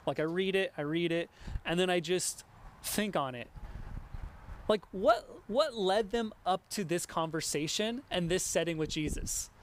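A man preaching a sermon in an animated way, often stopping and restarting and acting out imagined conversations. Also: high-pitched, measured pace, a little hiss or hum. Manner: animated, acts out imagined dialogue with many restarts.

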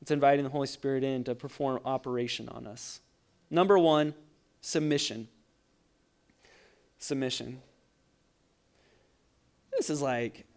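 A young adult man, a pastor, preaching a sermon with animated storytelling and frequent laughs. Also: medium pitch.

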